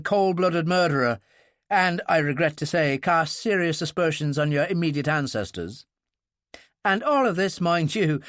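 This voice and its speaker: A man voicing a blunt, jovial older ship's doctor who tells stories with animated relish. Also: on the high side, no room sound, clean studio sound. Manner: hearty, animated, fond of telling stories.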